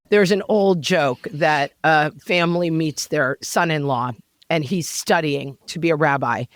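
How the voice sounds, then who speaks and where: A woman co-hosting a podcast in casual chat, with wry, deadpan humor. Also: low voice, no echo, studio quality. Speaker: podcast co-host.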